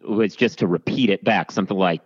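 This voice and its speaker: A man guest on a podcast, answering questions in a thoughtful, measured way. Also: low voice, no echo, lo-fi sound. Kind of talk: casual interview chat.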